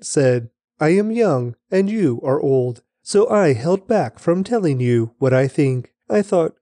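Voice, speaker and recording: A man reading scripture aloud in a measured, deliberate way. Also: a little high, warm tone, no echo. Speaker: scripture reader.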